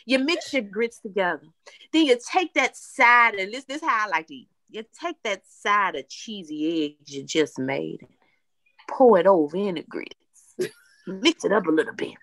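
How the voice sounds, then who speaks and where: A woman co-hosting a podcast in casual chat, telling stories with playful, animated delivery. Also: mid-range voice, normal speed, no room sound. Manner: animated, playful storytelling with frequent laughter. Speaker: podcast co-host.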